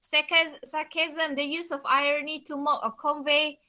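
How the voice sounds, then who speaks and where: A woman's voice: high-pitched, level tone, moderate pace, pushed and bright. A woman teacher with a Malaysian accent explaining a play to a class, checking in with questions. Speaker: English literature teacher.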